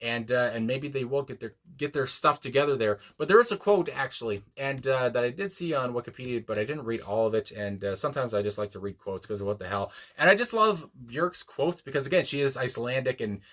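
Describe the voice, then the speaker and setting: A young man reacts to a song in a loose, rambling way, circling back to his points and chuckling between thoughts. His voice sits at an ordinary middle pitch, with plenty of "uh" and "you know" as he works out what he means. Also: lively intonation, fairly quick, hardly any pauses, a bit bright. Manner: rambling, frequent fillers and restarts, chuckles often. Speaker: music reaction channel host. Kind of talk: casual reaction commentary.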